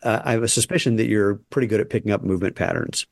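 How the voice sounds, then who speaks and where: A man's voice: fairly low pitch, rapid-fire, creaky, no echo, clean studio sound. A man hosting a podcast interview, chatty and jokey with rambling asides. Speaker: podcast host. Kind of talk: casual interview chat.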